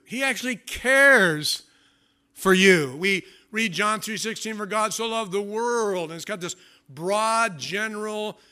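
Bright-voiced male preacher, storytelling. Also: sits high. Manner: conversational storytelling with self-mocking humor. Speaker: pastor. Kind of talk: sermon.

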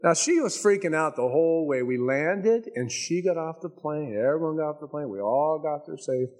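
A man preaching with a voice a touch higher than most men's. He tells stories in a folksy, chatty way and drags out the words he wants to land. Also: animated, a little mellow. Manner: conversational storytelling, folksy asides; emphatic, slows down on key points. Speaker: pastor. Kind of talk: sermon.

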